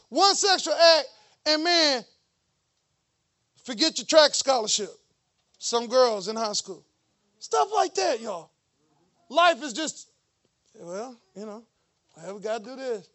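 Pastor guy preaching, real high voice, animated and teasing the crowd. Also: a little slow, long pauses. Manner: preachy, animated, mocking asides. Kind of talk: sermon.

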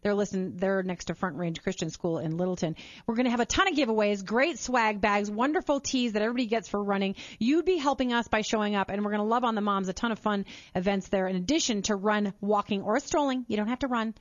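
A woman's voice: medium pitch, fast talker, no room sound. A woman hosting a podcast for mothers, speaking earnestly and repeating words as she gets going. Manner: warm-hearted, earnest, repeats words when excited. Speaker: podcast host. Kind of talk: upbeat interview and appeal to listeners. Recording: slightly dull lo-fi sound.

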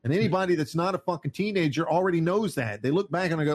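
A man's voice: on the high side, animated, fast. Profane ranting man. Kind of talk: casual political rant.

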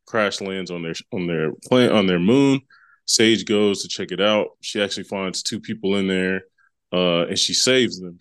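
A man's voice: low voice, a bit bright, clear, resonant tone, no echo. A man co-hosting a podcast, casually recapping a comic book story in a rambling way with many fillers and restarts. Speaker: podcast co-host.

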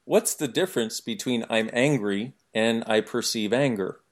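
A man talking as an interview guest, animated and jokey, explaining his ideas through everyday examples. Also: medium pitch, normal speed. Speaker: podcast guest. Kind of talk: conversational interview.

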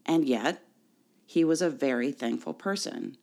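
In a middle-range voice that's gravelly and darkish, a pastor preaches a Sunday sermon. The pace is deliberate and measured, and rhetorical questions are put to the listeners.

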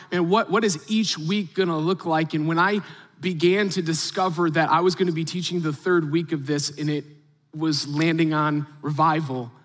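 A man's voice: a little high, a bit bright. A male pastor preaching a sermon in a casual, conversational way to a church audience. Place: large church auditorium. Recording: hall reverb.

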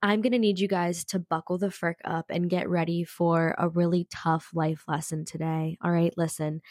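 A woman hosting a casual self-help podcast. She is sick with a cold and talks in an energetic, peppy way close to the mic, with frequent mild slang. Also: fairly low pitch, no echo. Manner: energetic, peppy, says frickin' a lot. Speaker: podcast host. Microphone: studio podcast mic.

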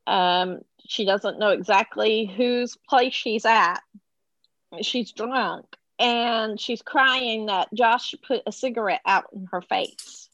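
A woman's voice: fairly high pitch, slow, a bit bright, no room sound, highs cut off. A middle-aged woman telling a personal story as a podcast guest, acting out the voices of the people she quotes.

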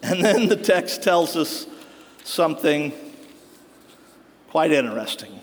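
A man's voice: a little high, very animated, takes it slowly. A man preaching a sermon, telling stories with wry humor and frequent laughter. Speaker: pastor. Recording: long hall reverb.

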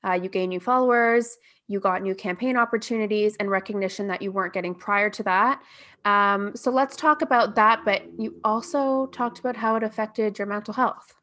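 A woman's voice: mid-range voice, moderate pace. A woman hosting an interview, casual and enthusiastic, lavish with praise and cursing lightly. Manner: warm, enthusiastic, casual swearing. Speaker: podcast host.

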